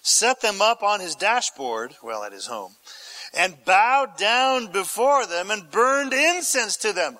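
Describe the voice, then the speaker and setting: A man's voice: high voice, big pitch swings, slow, pushed and bright, low-quality recording. A male pastor preaching an expository sermon, reading scripture aloud and then asking the listeners questions in a conversational way.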